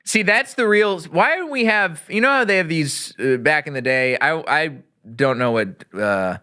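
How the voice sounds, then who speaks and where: A man from Texas hosts a casual comedy podcast, rambling through a movie recap with an animated, laughing delivery. His voice is bright and forceful, with a smooth, resonant tone. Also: on the high side, moderate pace. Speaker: podcast host.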